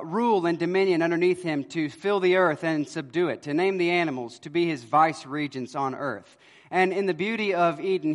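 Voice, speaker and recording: A man preaching a sermon, telling stories and moving between loud emphasis and quiet, low lines. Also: long reverb tail. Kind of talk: expository sermon.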